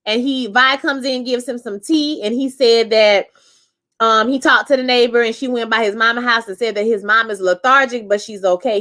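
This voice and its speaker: A woman hosting a casual live review chat, animated and profane, acting out quotes in character voices. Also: on the high side. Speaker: show reviewer.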